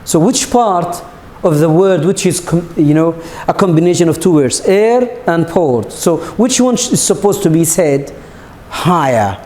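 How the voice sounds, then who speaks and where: A man's voice: on the high side, lively intonation, unhurried, darkish tone, roomy sound, slight background noise. A male English teacher, a native Arabic speaker, explaining a lesson with many restarts and repeated words, now and then adding Arabic glosses. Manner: repeats himself, stumbles, adds Arabic glosses. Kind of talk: recorded classroom lesson.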